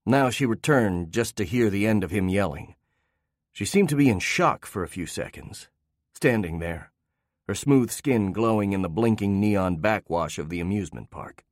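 A man narrating a fiction story in a measured, steady reading on a close mic. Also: on the low side, no room sound.

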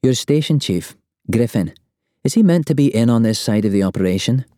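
A man's voice: mid-range voice, expressive, a little fast, warm tone, no echo, studio quality, voice pushed up, lightly acted. A man reading an audiobook voices an exhausted woman secret agent who speaks in a clipped, tense way, barely holding back fury.

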